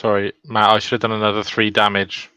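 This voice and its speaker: A man's voice: on the low side, monotone, fast, sharp tone, smooth, no room sound. A man playing a tabletop game online, talking casually and thinking aloud over his moves. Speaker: player. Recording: dry, dull home mic.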